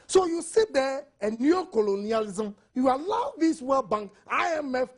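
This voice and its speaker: A man's voice: very high-pitched, big pitch swings, moderate pace, hardly any pauses. A man with a Ghanaian accent, a studio panelist giving impassioned, argumentative commentary on a TV newspaper review, full of rhetorical questions.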